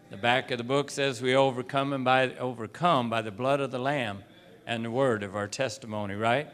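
A man preaching an unscripted sermon, telling folksy stories and acting out the voices of the people in them. He clears his throat often. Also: mid-range voice, a bit bright. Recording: long hall reverb.

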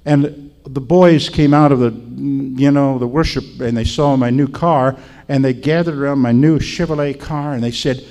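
A man's voice: medium pitch, steady tone, moderate pace, vocal fry, a little mellow. An older man preaching in a chatty, storytelling way, often asking his listeners questions. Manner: folksy, chatty, asks the audience. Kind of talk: storytelling sermon.

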